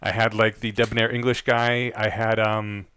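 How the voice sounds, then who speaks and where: A man's voice: fairly low pitch, level tone, moderate pace, pushed and bright, smooth, dry recording. A man co-hosting a podcast, telling a story in a chatty way with easy laughter and many restarts. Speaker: podcast co-host. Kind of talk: casual podcast chat.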